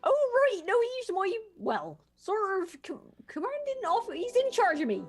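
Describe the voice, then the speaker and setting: A woman's voice: very high voice, big pitch swings, normal speed, faint music behind. A woman playing a tabletop game, joking in and out of character with a giggly manner. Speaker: player. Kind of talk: tabletop role-play banter.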